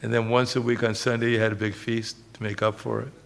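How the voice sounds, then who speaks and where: Gravelly-voiced man giving a humorous sermon. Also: mid-range voice, little pitch movement, fast talker. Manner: humorous storytelling, chuckles often. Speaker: swami giving a lecture. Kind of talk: religious lecture.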